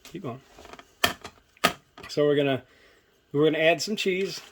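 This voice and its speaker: A man's voice: on the high side, unhurried, background noise. A man hosting a casual home cooking demonstration in his kitchen, rambling and chatty and poking fun at himself. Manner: rambling, chatty, self-mocking. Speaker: cooking video host.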